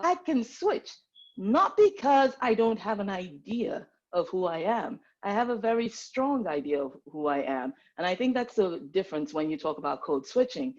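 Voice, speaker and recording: A woman's voice: medium pitch, very animated, moderate pace, darkish tone, muffled recording. A woman from Nigeria, a medical practitioner, speaking earnestly and animatedly as a panelist on a video call.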